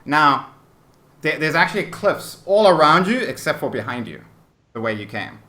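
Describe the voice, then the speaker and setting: A man's voice: a little high, very animated, moderate pace, bright, forceful tone. A man narrating a tabletop game as game master, descriptive and full of fillers. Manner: descriptive, hesitant with many fillers.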